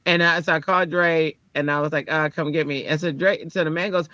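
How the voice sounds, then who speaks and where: A woman's voice: normal speed, dry recording, lo-fi sound. A woman, a teacher, telling a personal story in casual chat and acting out the people she quotes. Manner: animated, acts out quoted people with jumps in pitch.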